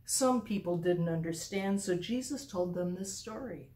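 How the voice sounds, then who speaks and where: Woman storyteller for a church's kids' Bible time, unhurried and expressive. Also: fairly low pitch. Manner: slow, expressive reading aloud. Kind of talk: children's Bible storybook reading.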